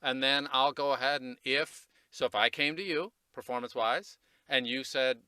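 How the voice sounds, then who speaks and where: A man's voice: mid-range voice, fairly even intonation, normal speed, few pauses, pushed and bright, clean tone, no echo. A man coaching voice actors in a casual podcast chat, rambling and self-deprecating, laughing easily. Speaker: voice recording coach, guest.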